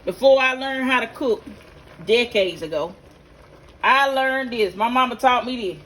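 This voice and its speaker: A middle-aged woman with a somewhat high, slightly bright voice talks at a moderate pace while cooking a home recipe in her kitchen. Hosting her vlog, she is chatty, folksy and instructive, speaking directly to the people watching.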